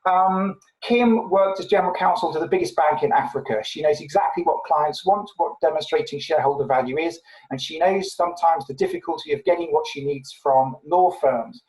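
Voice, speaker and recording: A man's voice: a little high, darkish tone, echoey room, rough recording. A man moderating an online panel, speaking casually and firing off a string of rhetorical questions. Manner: brisk, rhetorical questions in series. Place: online video call.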